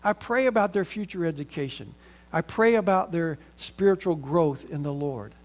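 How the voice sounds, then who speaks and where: A man's voice: a little high, moderate pace, darkish tone. A middle-aged man with a Southern American accent, an earnest pastor preaching a sermon and leading a prayer.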